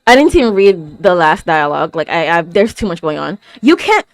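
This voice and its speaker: A woman's voice: on the low side, very animated, brisk, no room sound. A woman hosting a reaction video, talking over an anime episode with gasps, stammers and constant exclamations. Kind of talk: live anime reaction commentary.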